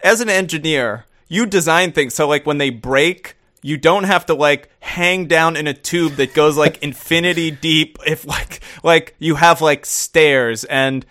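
Animated man chatting with lots of fillers. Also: on the high side, unhurried, few pauses. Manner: animated, laughing, rambling with many fillers. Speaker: podcast co-host. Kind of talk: casual chat.

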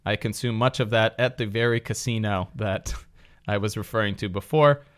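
A man's voice: lowish voice, steady tone, normal speed. A man hosting a podcast, chatting jokingly and then reading facts aloud in long runs. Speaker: podcast host. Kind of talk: casual chat with read-aloud facts.

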